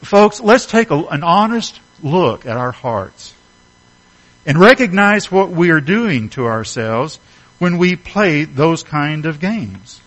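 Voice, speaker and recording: A man's voice: fairly high pitch, very animated, takes it slowly, fairly bright tone, rough recording. A middle-aged man preaching a sermon, earnest and emphatic, asking his listeners rhetorical questions. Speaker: pastor.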